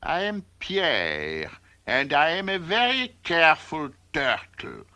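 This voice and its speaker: A man voicing a cautious, fussy male turtle with a put-on French accent, speaking slowly and carefully. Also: medium pitch, big pitch swings, sharp tone, exaggerated voice. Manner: slow, careful delivery.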